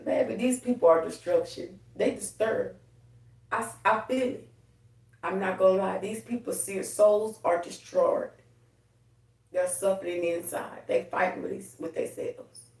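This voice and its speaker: A woman's voice: lowish voice, a little mellow. A woman hosting a spiritual livestream in a heated, profane, preachy way. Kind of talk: casual spiritual livestream talk. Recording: echoey room, a bit far from the mic.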